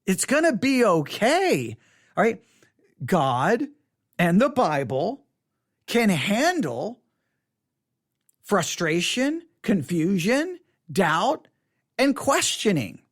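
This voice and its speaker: Animated pastor with a lively, swooping voice. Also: mid-range voice. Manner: repeats words and acts out quick mock quotes. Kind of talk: animated teaching talk to camera.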